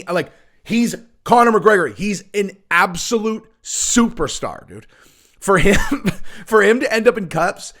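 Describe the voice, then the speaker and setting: A man's voice: a little high, fairly bright tone. A middle-aged man giving casual ranting commentary on fighting sports, brash and profane, rambling with lots of fillers. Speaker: MMA commentator, channel host.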